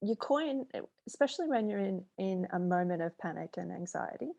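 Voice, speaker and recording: A middle-aged woman chats as a podcast guest, a business mentor with a lively storytelling way of talking. Her pitch sits in a middle range for a woman, and she brings anecdotes to life. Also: normal speed, vocal fry, muffled recording. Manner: animated storyteller, acts out voices in anecdotes. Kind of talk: conversational podcast interview.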